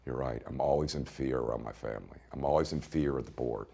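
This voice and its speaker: A man's voice: rumbling low, very fast, gravelly, breathy edge, pitched below the performer's own voice, exaggerated voice. A man voicing an anxious, worn-down middle-aged businessman in a subdued, confessional tone. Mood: hushed.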